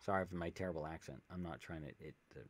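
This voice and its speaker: A man's voice: low-pitched, fairly even intonation, quick pace, a little hiss or hum. A man streaming a video game, chatting casually and reading game text aloud with jokey asides, on a desk microphone. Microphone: desk USB microphone with pop filter.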